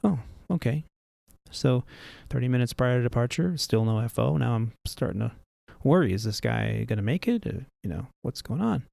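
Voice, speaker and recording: A man's voice: medium pitch, lively intonation, a little fast, vocal fry, darkish tone, no room sound. A man who is an airline captain, hosting a podcast and casually telling stories, often asking the listener questions. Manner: conversational, asks listener questions. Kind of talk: casual storytelling.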